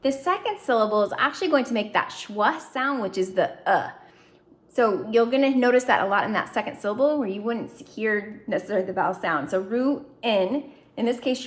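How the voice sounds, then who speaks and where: A woman teaching a phonics lesson, drilling syllables slowly and clearly with encouraging prompts. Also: mid-range voice, lively intonation. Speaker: reading teacher. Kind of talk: phonics lesson to young students.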